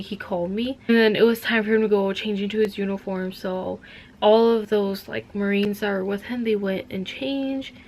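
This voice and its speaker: A woman's voice: medium pitch, a little hiss or hum. Chatty young woman, rambling vlog talk. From Minnesota. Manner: rambling, heavy use of "like". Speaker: vlogger. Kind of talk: casual chat.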